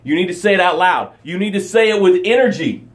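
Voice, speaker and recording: A fairly high-voiced man speaks as a motivational coach on a live broadcast. He preaches with energy, repeats his key lines, and raises his voice to act out angry stories. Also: animated, fast. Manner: acts out angry stories with rising voice.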